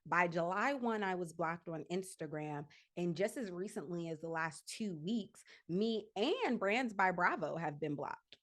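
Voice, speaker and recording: A woman's voice: lowish voice, lively intonation, measured pace, hardly any pauses, a bit bright. A woman guest on a casual podcast chat, emphatic and repeating her points for effect.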